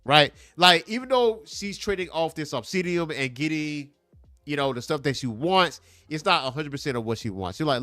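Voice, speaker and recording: A man hosting a casual comic book review, talking in an animated, emphatic way and repeating points for effect. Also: on the high side, moderate pace, no room sound. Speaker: comic book show host.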